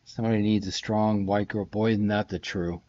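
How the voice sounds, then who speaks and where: A man's voice: on the low side, steady tone, moderate pace, mellow. A middle-aged man, a composer on a casual live stream from his home production studio, chatting in a rambling, friendly way while sleepy and yawning. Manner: rambling, friendly, greets viewers by name. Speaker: composer streaming a scoring session. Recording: slightly dull lo-fi stream audio.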